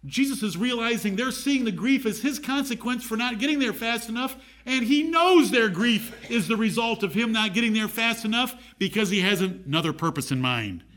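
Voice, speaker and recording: A man's voice: very high voice, lively intonation, moderate pace, hardly any pauses, a bit bright. A man preaching a sermon, reading scripture aloud and asking his listeners direct questions.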